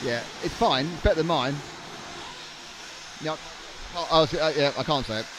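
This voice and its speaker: A young man calls live radio-control races with a joking, rambling delivery that often stammers into restarts. His voice sits a little high. Engine whine and track noise run underneath. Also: normal speed. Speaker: commentator. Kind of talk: live race commentary. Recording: noisy trackside broadcast.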